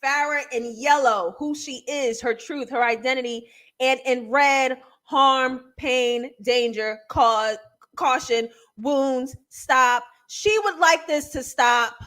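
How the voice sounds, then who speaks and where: A young adult woman hosting a live TV recap show, analysing an episode in an animated, emphatic way. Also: high voice, takes it slowly. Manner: animated, emphatic, laughing and near tears at times. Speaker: TV recap host.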